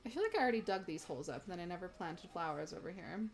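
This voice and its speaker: A woman's voice: on the low side, sing-song, very fast. A young woman streaming a game, chatting casually with viewers, giggly and gushing. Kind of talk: casual gameplay stream chat.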